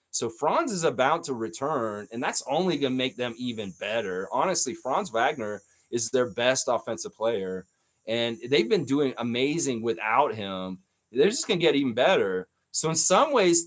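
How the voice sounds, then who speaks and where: A man hosts a casual live stream and talks at a mid pitch. He rambles in an animated way, restarting his sentences and answering the chat as he goes.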